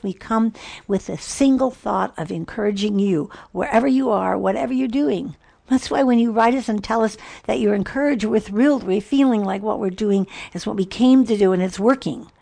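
A woman hosting a podcast, telling stories and reflecting in an unhurried, thoughtful way in the studio. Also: medium pitch, gravelly, a little mellow, no echo. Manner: reflective, storytelling. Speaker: podcast host. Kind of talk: podcast talk.

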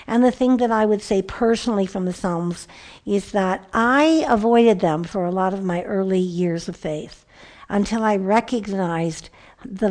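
Middle-aged woman, devotional Bible teaching, expressive, heartfelt, hushes to a whisper for emphasis, mid-pitched voice. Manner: expressive, drops to a hushed whisper on key phrases; heartfelt and personal.

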